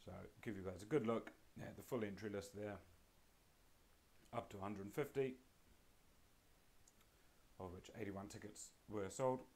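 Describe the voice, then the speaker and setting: Aussie guy with a croaky sore throat, lowish voice, hosting a live prize draw, friendly. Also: fairly even intonation, unhurried, pauses often, darkish tone. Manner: friendly, greets viewers by name. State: croaky voice from laryngitis.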